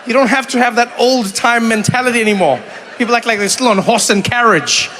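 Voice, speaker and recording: A man in his forties from South Africa doing stand-up and crowd work, animated and acting out little voices as he talks, laughing along with the room. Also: extremely high pitch, a little fast, long reverb tail, noisy background. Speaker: comedian. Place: comedy venue with a live audience.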